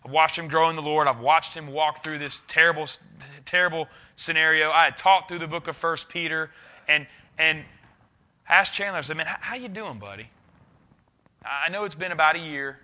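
A man, a youth pastor preaching a sermon earnestly, swinging between loud urging and quiet intensity. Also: on the high side, fairly even intonation, fairly quick.

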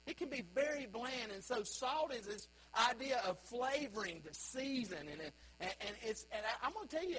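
A man's voice: extremely high pitch, a bit bright, breathy edge, low-quality recording. A man preaching a sermon as pastor, emphatic and full of rhetorical questions.

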